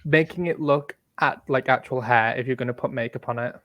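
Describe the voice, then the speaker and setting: A man's voice: mid-range voice, fairly quick, fairly bright tone, no echo. A man co-hosting a casual podcast chat, playful and opinionated. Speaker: podcast co-host.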